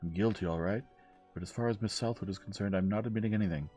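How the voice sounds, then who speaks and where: A man reading gently, voicing a young man who talks in a casual, plain-spoken way. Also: on the low side, fast, faint music behind, pitched above the performer's own voice, lightly acted. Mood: defiant. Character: young man, wry and cornered.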